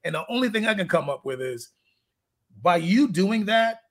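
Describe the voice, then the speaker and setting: A man's voice: high voice, expressive, moderate pace. A man, a fitness coach, chatting casually in an interview, telling candid rambling stories and laughing at his own jokes.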